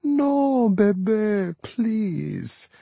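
A man voicing a worried young wife, soft, pleading and apologetic, in a raised voice. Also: fairly high pitch, very animated, normal speed, slightly rough, dry recording, pitched above the performer's own voice.

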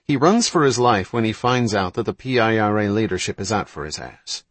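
A sharp, insistent male intelligence analyst, as a man reads him pushes his argument hard in an audiobook. His voice sits fairly low and husky, with a dry, close sound. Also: animated, brisk, no room sound. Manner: pressing, argumentative.

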